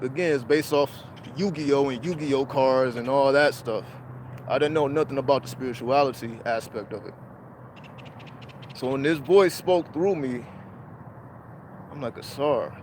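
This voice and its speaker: A man's voice: medium pitch, a little mellow, a little hiss or hum. A man hosting a livestream, telling a personal spiritual story in casual, profane street slang. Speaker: livestream host.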